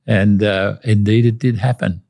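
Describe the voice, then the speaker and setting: A man's voice: fairly low pitch, fairly even intonation, creaky, darkish tone. Older Australian man telling stories. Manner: measured, anecdotal, with restarts. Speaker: guest, retired diplomat. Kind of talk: interview storytelling.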